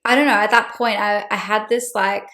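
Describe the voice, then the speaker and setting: A woman chatting openly with a friend on a podcast, her sentences looping through "like" and restarts. Her voice sits at a middle pitch, and her manner is earnest and heartfelt as she tells her story. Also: fairly even intonation, normal speed, pushed and bright. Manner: open, emotional, chatty with many "like" fillers. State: tearful at times. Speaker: podcast co-host. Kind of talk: casual chat.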